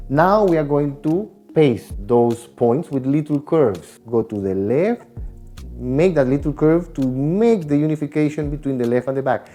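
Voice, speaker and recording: A woman's voice: a bass voice, expressive, moderate pace, warm tone, faint music behind. A woman teaching a dance class, explaining body control and counting beats aloud as she demonstrates. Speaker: dance instructor. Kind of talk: dance lesson instruction with counting.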